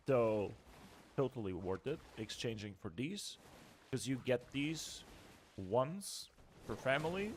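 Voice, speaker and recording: A man's voice: medium pitch, a little hiss or hum. A young man streaming a video game, explaining gear in a loose, chatty way that trails off and restarts. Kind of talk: casual gameplay walkthrough.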